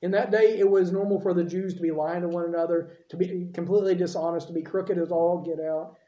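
A male preacher delivers a conversational sermon and often asks his listeners questions. His voice is mellow and soft. The sound rings in a roomy space. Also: high-pitched, steady tone, fast, dull audio. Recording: roomy echo.

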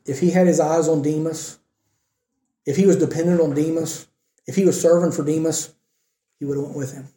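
Man, sermon, earnest conversational preaching, very dark mellow tone, echoey church. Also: on the high side, steady tone, brisk, long pauses.

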